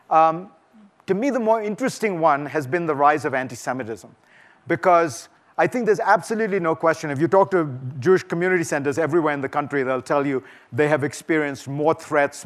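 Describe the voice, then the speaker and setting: A man giving a conversational, emphatic festival talk and taking audience questions, often restarting his sentences. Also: fairly high pitch. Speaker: guest speaker. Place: lecture hall before an audience.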